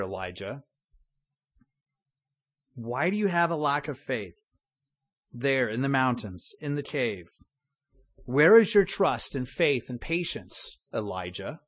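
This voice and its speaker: A preacher speaking as a calm divine voice that keeps asking a prophet probing questions. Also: male voice, mid-range voice.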